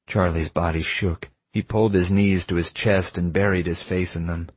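Man, audiobook narrator, first-person, measured intimate reading, deep voice, dry. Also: fairly even intonation, husky, no echo.

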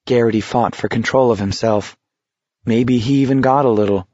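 A man reading a novel aloud in steady, measured scripted narration. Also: medium pitch, dry recording, highs cut off. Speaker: audiobook narrator.

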